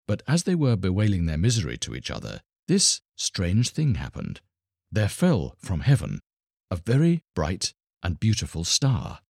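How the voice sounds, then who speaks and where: Male storyteller, deep husky voice, lively expressive reading, dry close sound. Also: moderate pace, no echo. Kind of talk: children's story narration.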